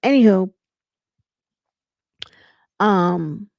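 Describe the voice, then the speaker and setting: A woman casually recapping a reality show, chatty and animated, retelling scenes with laughs and dramatic asides. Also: mid-range voice, extremely slow, creaky.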